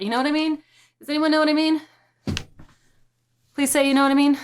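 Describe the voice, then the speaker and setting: A woman's voice: high voice, fairly even intonation, fairly quick, pauses often. A woman vlogging casually to her viewers, dramatic and self-mocking, repeating exclamations under her breath. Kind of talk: casual vlog talking to camera.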